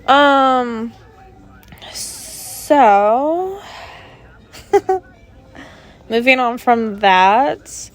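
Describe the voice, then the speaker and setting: A young woman hosting a casual solo podcast from her bedroom, rambling through stories with lots of fillers and asides. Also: high-pitched. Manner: chatty, rambling with many fillers. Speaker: podcast host. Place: bedroom at her parents' home.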